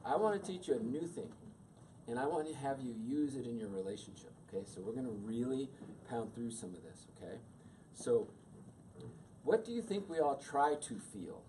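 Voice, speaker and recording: Animated middle-aged man teaching a class. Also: medium pitch, normal speed. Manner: animated, acts out quoted voices. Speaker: teacher leading a class on emotions. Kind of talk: classroom teaching with questions to the audience. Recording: distant mic with faint room noise.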